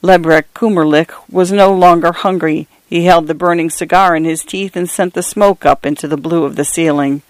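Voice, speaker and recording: A man narrating first-person literary fiction in a measured, even storytelling voice. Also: on the high side, no room sound. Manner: measured, evenly paced storytelling.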